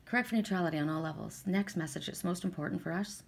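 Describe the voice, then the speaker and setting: Woman, fairly low voice, casual tarot reader, chatty and emotional. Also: fast talker, creaky, very noisy. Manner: emotional, tearful at times, chatty and repetitive. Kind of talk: casual spiritual card reading.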